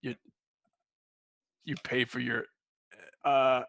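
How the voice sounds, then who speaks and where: A man hosts a relaxed interview, talking loosely and cursing casually. His voice is bright and gravelly, and the recording is dry and close. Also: mid-range voice, extremely slow, dry recording. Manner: loose, swears casually, laughs often.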